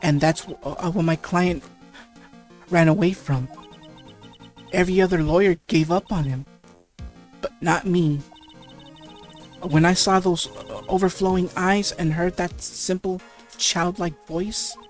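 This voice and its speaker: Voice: mid-range voice, fairly even intonation, measured pace, pauses often, soft background music, lightly acted. A reader voicing a young female defense attorney on her first case, unsure and stammering, in a visual novel game. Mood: earnest. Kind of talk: reading game dialogue aloud.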